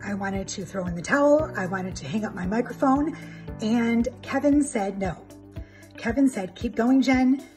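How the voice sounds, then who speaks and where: A woman's voice: fairly high pitch, moderate pace, darkish tone, soft background music. Gushing woman. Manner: emotional, gushing and grateful. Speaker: coaching client giving a testimonial. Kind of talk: recorded testimonial.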